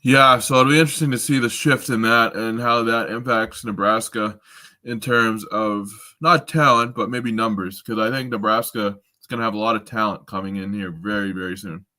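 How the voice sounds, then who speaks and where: A man's voice: lowish voice, fairly even intonation, normal speed, pushed and bright. A man co-hosting a casual sports chat podcast, bluntly opinionated and ranting. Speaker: podcast co-host.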